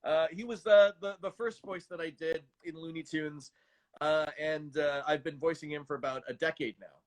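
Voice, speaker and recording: A man in his thirties, a voice actor chatting as a guest, animated and self-deprecating, often stammering and restarting. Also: fairly high pitch, normal speed. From Canada. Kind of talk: casual interview chat.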